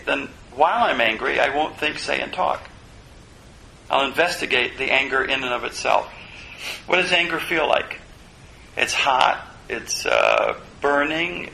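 A man's voice: medium pitch, vocal fry, pushed and bright, a little hiss or hum, low-quality recording. A man giving a Buddhist dharma talk, reflecting aloud and posing questions to himself. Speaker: Buddhist teacher.

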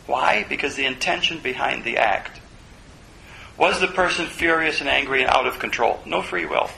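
Male Buddhist teacher, gravelly, bright tone, musing dharma talk. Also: medium pitch, moderate pace, a little hiss or hum, low-quality recording. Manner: reflective, asks himself questions aloud.

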